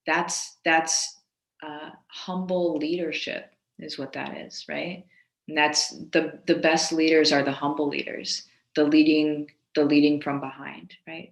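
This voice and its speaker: A woman's voice: low voice, echoey room. A woman hosting a video call, praising speakers with emphatic repetition. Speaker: host.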